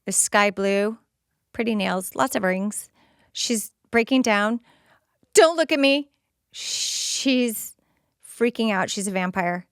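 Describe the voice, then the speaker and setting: A woman podcast host giving excited, casual play-by-play commentary while rewatching a TV episode. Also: mid-range voice, slow, clean tone, dry recording, clean studio sound. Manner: excited, gushing, narrating scenes as they happen.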